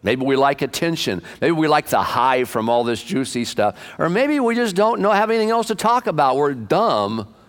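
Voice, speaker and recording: A man's voice: on the high side, very animated, normal speed. A man preaching a conversational sermon in church, asking the congregation questions and joking about himself. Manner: self-deprecating and candid. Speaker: pastor. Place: church sanctuary.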